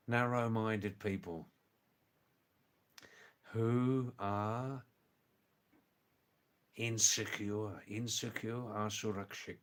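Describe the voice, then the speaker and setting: A man with an accent sitting between British and Australian English hosts a live stream. He talks slowly and hesitantly, often repeating himself as he answers viewer comments. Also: medium pitch. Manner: slow, hesitant, repeats phrases.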